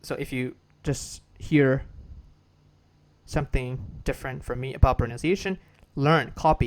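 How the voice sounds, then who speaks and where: A man with a Burmese accent giving a casual spoken English lesson, repeating and restarting phrases and drilling words for listeners to copy. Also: mid-range voice. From Myanmar. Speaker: English teacher.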